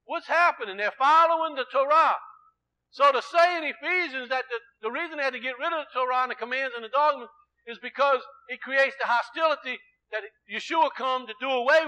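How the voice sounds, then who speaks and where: A male preacher with a high, bright, ringing voice delivers an emphatic sermon. He keeps quizzing his listeners with questions and swings between loud exclamation and low, quiet explanation. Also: rough recording.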